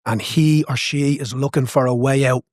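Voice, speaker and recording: A man's voice: medium pitch, steady tone, moderate pace, no echo, clean studio sound. A man, a boxing coach, talking as a guest in a podcast interview, passionate and emphatic, repeating phrases to drive home his point.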